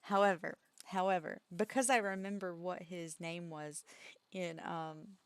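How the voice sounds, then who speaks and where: A woman streamer at home, chatting casually and telling stories that wander, with giggles breaking through. Her voice sits on the low side and sounds dry and close to the mic. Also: fairly even intonation, measured pace, clean tone, dry recording. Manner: rambling, giggly storytelling. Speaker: streamer co-host.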